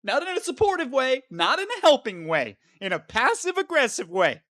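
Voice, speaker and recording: A woman's voice: sits high, big pitch swings, normal speed, a bit bright, no room sound, studio quality. A woman playing a sarcastic, fed-up game hero. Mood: exasperated. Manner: sarcastic, melodramatic complaining. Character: long-suffering male game hero stuck in a cave. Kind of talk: comedic diary monologue.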